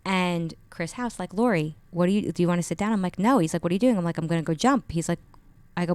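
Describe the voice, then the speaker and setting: A woman guest on a podcast, telling a personal story with lively expression and acting out the dialogue. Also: fairly low pitch, quick pace, clean tone, no echo. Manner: expressive, acts out quoted dialogue. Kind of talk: animated storytelling in an interview. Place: radio studio. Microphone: studio microphone.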